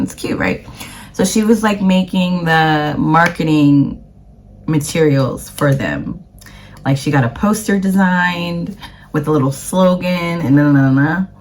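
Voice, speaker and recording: A woman's voice: deep voice, darkish tone. A woman from the United States, a vlogger chatting casually to camera in a rambling way with plenty of fillers.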